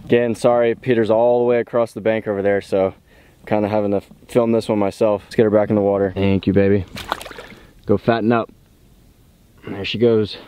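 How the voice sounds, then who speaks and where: A man's voice: fairly low pitch, little pitch movement, brisk, warm tone, a little hiss or hum. A young man filming himself fishing outdoors on a pond bank, talking casually and laughing easily. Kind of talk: casual fishing vlog commentary.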